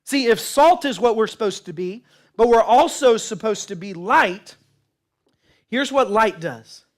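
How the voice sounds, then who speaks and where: A man preaching a sermon as a pastor, impassioned and storytelling, swinging between loud declarations and hushed lines. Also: high-pitched, lively intonation, a little slow. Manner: storytelling with acted quotes.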